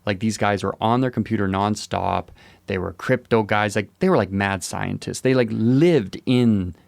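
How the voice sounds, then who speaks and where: A man with a low, gravelly voice co-hosts a podcast in easy, casual chat. He wanders through stories with a laid-back, joking manner. The sound is dry and close. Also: moderate pace, no room sound. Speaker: podcast co-host.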